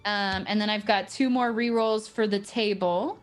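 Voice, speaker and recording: A woman's voice: medium pitch, fairly even intonation, normal speed, soft background music. A woman game master who narrates a tabletop game on stream and chats freely, with plenty of fillers. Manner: chatty, filler-heavy.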